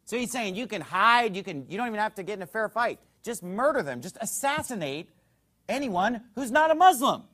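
A man with a high voice that swings widely in pitch, preaching a fiery sermon. He hammers home rhetorical questions, rises into shouts and drops low again, and stops now and then to read passages aloud from a book. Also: big pitch swings, brisk.

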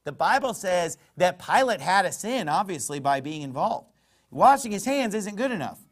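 High-voiced man preaching emphatically. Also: very animated, moderate pace. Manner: emphatic preaching with sharp swings in loudness; quotes scripture in old-fashioned wording. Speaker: pastor. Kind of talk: sermon.

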